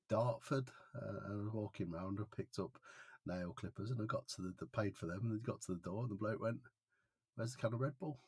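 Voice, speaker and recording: A man's voice: on the low side, a little mellow, breathy edge, dry recording. A man co-hosting a podcast, telling stories hesitantly with many restarts. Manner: hesitant, restarts often, acts out quotes. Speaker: podcast co-host. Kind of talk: casual chat, storytelling.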